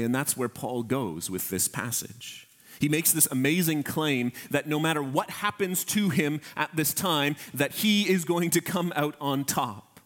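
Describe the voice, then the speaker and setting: A man preaching a sermon as pastor, earnest and emphatic, slowing down on key phrases and addressing his congregation directly. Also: medium pitch.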